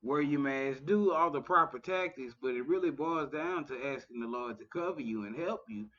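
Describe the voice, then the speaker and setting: A man's voice: medium pitch, normal speed, a bit bright, a little hiss or hum. A man in his thirties in casual conversation as a podcast host, talking loosely with many filler phrases. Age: 30s. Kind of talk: casual chat. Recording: dull lo-fi audio.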